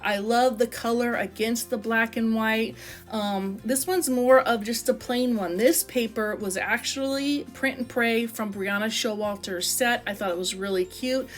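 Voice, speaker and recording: A woman's voice: fairly high pitch, a little slow, faint music behind. A woman vlogger chatting enthusiastically as she flips through her craft book and shows how she puts pages together. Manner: chatty and enthusiastic, lots of "I love" and "like". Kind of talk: casual craft flip-through chat.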